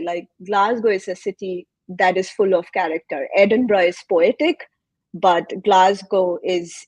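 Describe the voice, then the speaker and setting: Woman from india on a panel, husky voice, dry sound, chatty with lots of uhs. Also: mid-range voice, no echo, rough recording. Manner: animated storytelling with many fillers. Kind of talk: panel Q&A answer.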